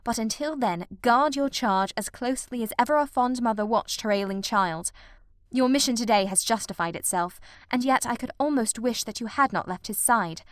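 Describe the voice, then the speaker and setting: A woman's voice: on the high side, moderate pace, no room sound, clean studio sound, close to an everyday voice. A woman reading the lines of a commanding male detective in an audiobook, clipped and sure. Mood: measured. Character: sharp brilliant male detective, urgent.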